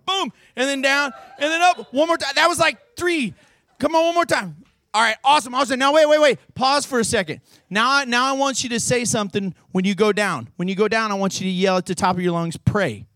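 Youth preacher, male, high-pitched, teasing crowd-worker, dry close mic. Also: fairly quick, no echo. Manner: playful, goading, shouts coaching cues. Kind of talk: youth sermon with audience games.

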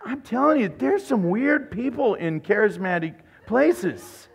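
A man's voice: high voice, a little slow, husky. A man preaching a sermon as pastor, telling jokey stories and acting out other people's voices. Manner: animated, joking storyteller, acts out voices.

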